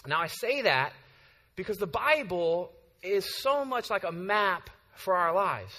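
Bright high-voiced preacher in a hall. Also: male voice, very animated, unhurried. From San Francisco Bay Area. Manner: conversational storytelling, frequent "right?" asides. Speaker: pastor. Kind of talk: sermon.

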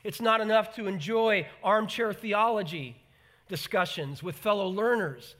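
A man preaching a sermon in an animated way, acting out the voices he quotes and repeating words for emphasis. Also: high-pitched, a little slow. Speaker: pastor.

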